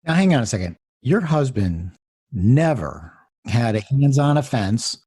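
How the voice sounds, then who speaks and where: A man's voice: mid-range voice, very animated, unhurried, warm tone, husky, no echo, studio quality. A male podcast co-host talking firmly and reassuringly in support of his guest. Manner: firm, reassuring pushback on the guest's behalf. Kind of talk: conversational podcast interview.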